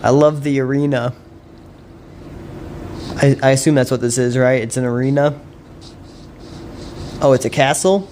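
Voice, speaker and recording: Laid-back male streamer, slow relaxed delivery, noisy home audio. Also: mid-range voice. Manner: laid-back, chuckling, talks to himself and his dog. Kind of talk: casual gameplay chat.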